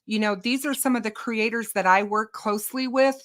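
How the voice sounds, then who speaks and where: A woman hosting a true crime channel, talking on a livestream over a video call in a reassuring way, slowly and with hesitations. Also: a little high. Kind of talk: casual livestream chat.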